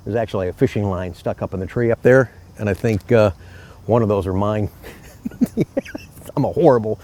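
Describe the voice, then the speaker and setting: Speaking a little fast in a lowish, mellow voice, a middle-aged car salesman vlogs outdoors in a park for his own channel. He keeps it casual, telling friendly stories.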